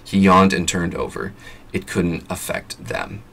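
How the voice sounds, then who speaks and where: A man with a low, husky voice and a scratchy throat reads a novel aloud at a plain pace. His delivery is forceful and bright in tone, with casual asides mixed in. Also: animated, unhurried. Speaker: vlogger reading an audiobook.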